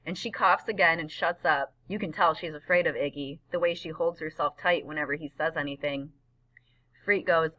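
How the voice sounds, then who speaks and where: Bright-voiced woman reading a story. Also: lowish voice, fairly quick, poor audio. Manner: plain storytelling in a boy's first-person voice. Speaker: audiobook narrator. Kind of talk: scripted narration.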